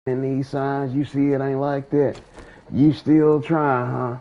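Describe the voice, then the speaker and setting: A man's voice: medium pitch, flat delivery, slow pace. A man hosting his gaming channel, talking casually in a drawling, slangy way about faith and a breakup, like giving testimony. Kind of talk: casual monologue. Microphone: streaming mic. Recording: dull lo-fi mic.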